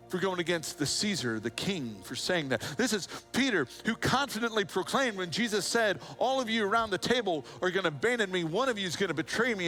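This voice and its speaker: A man preaching a sermon as pastor, telling a Bible story with humorous asides and acted-out voices. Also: sits high. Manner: animated storytelling, acts out voices and a rooster crow.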